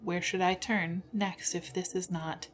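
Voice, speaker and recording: A woman's voice: on the low side, fairly even intonation, measured pace, soft background music. A woman hosting a personal podcast, venting her frustration in an emotional monologue with bitter laughs, close to tears at moments. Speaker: podcast host.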